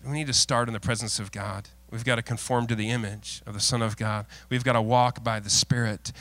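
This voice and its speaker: A middle-aged male pastor preaching a sermon, mixing folksy, self-deprecating stories with earnest, lowered exhortation. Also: steady tone, a little fast, a bit bright, no echo. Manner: folksy, self-deprecating storytelling with frequent laughs.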